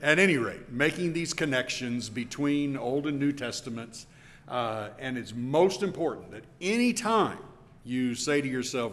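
A man teaching an evening Bible class, animated and emphatic, often restarting his sentences. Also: mid-range voice, measured pace. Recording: long hall reverb.

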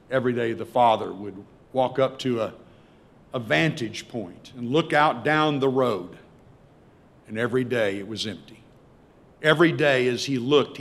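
Male preacher, sermon, dramatic storytelling, loud to hushed swings. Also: medium pitch.

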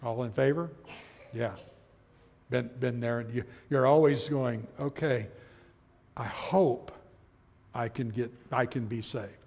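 A middle-aged man teaching a Bible class, telling stories in an animated way and acting out the voices he quotes. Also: medium pitch, slow, pauses often. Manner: chuckles as he talks. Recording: long hall reverb.

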